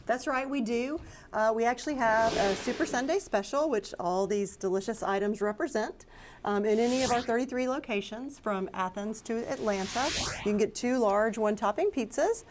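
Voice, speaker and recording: A woman's voice: on the high side, normal speed, background noise. A woman appearing as a studio guest, describing a food special in an upbeat, promotional way. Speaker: guest, company representative.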